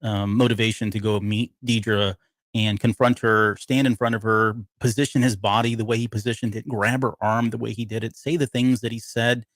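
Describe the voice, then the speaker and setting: A man's voice: on the low side, little pitch movement, moderate pace, a bit bright, dry recording. A man co-hosting a casual live podcast, rambling and often stopping to hunt for a word he has forgotten. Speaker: podcast co-host. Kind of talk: casual live TV-show breakdown chat.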